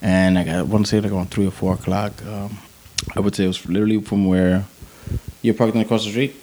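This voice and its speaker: A man in his forties, an army veteran guest telling war stories in a casual, profane, animated way. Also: on the low side, fairly quick, breathy edge, low-quality recording. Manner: profane, animated, acts out sounds and quotes.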